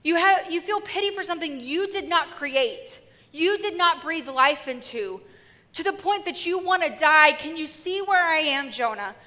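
A woman preacher voicing God as a patient, pitying father, speaking gently and earnestly. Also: high-pitched, lively intonation, normal speed, in a large hall. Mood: pleading.

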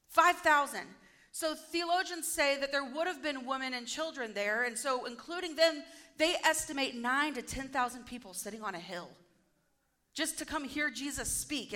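A woman preaching a casual sermon, retelling a story and acting out the speakers' lines in a lively, conversational way. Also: high voice, normal speed.

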